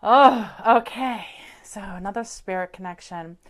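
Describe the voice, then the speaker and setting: A woman's voice: medium pitch, unhurried. A woman psychic medium giving effusive live-stream readings to viewers, chatty and gushing with many fillers, into a webcam or phone mic.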